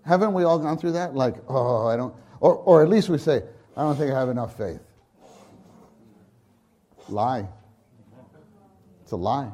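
A man delivers a sermon at an easy, drawn-out pace. He speaks haltingly, restarting phrases, then lifts into fervent emphasis. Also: fairly high pitch, warm tone. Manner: unhurried, halting, with many restarts and fervent rises. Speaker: preacher. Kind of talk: conference sermon.

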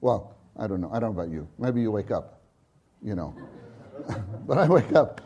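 A man preaching a sermon at a conference, unhurried and halting, with many restarts and sudden fervent rises. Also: mid-range voice, animated, mellow, husky.

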